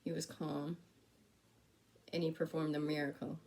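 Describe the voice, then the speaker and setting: Low-voiced woman preaching conversationally. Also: little pitch movement, moderate pace, darkish tone. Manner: conversational, storytelling with quoted dialogue. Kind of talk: sermon. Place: church.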